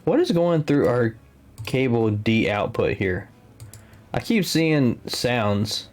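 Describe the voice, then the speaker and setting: A man's voice: medium pitch, animated, takes it slowly, darkish tone. A man co-hosting a live game stream, chatting casually, joking and talking openly about his own life. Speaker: stream co-host and commentator.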